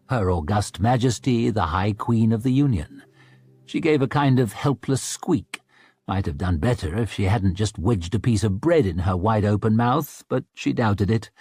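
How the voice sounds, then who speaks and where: A male narrator reading a fantasy audiobook with animated, expressive delivery. His voice is husky and mid-pitched, close to the mic in a dry recording. Faint music plays underneath. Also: no room sound. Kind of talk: scripted narration.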